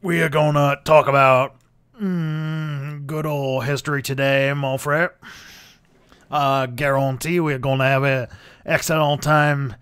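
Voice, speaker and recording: A man's voice: a little high, level tone, a little slow, fairly bright tone, clean tone. A man putting on a Cajun accent, playing a history host for a joke. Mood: jokey. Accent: put-on Cajun.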